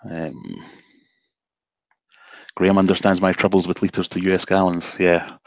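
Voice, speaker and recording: A Scottish man with a low voice talks easily on a live stream from his home office, relaxed and a bit self-deprecating. The sound is dry and close, and the stream audio is slightly dull. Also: measured pace, dry recording. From Scotland, south of Glasgow. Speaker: guest fishkeeper. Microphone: video call.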